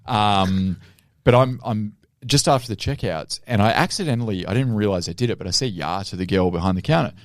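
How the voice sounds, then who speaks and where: A man's voice: on the low side, a little fast, dry recording, studio quality. A man co-hosting a movie podcast, rambling and swearing casually as he tells stories. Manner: rambling storyteller, swears often, laughs a lot. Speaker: podcast co-host. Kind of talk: casual chat.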